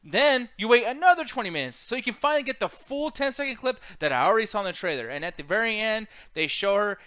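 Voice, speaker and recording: A man with a high, bright voice rants through a casual movie chat as co-host. He swears constantly and complains with animated energy. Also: fast, clear, resonant tone. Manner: profane, ranting, animated. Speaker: podcast co-host.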